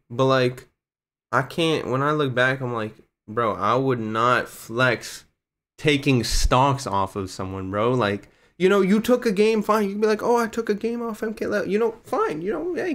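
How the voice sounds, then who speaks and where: Slangy young man streaming a game. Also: medium pitch. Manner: slangy, swearing, excitable reactions. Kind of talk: casual live-stream gameplay chatter. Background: game music.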